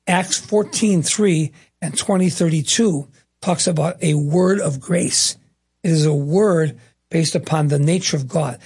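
Middle-aged male preacher, husky and fairly high, hammers his points home with repetition. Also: darkish tone. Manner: emphatic, repeats key phrases. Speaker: pastor. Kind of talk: sermon.

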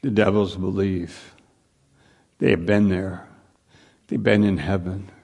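Slow, earnest male preacher. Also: little pitch movement, creaky, breathy edge. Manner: slow, earnest preaching with long pauses, sinking to a hushed low voice; repeats phrases for emphasis, with occasional restarts. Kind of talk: sermon.

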